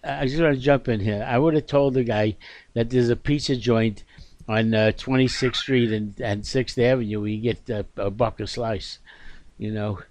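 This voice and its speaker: A man's voice: medium pitch, steady tone, moderate pace, darkish tone. A man hosting a talk show, speaking casually and emphatically, repeating himself and checking in with his listener. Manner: repetitive, emphatic, checks in with "okay? all right?".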